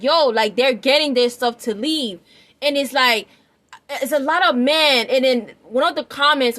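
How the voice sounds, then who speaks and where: Rambling woman vlogger, slightly high voice. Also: a bit bright. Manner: rambling, emphatic, keeps checking listener is following. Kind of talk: opinion commentary.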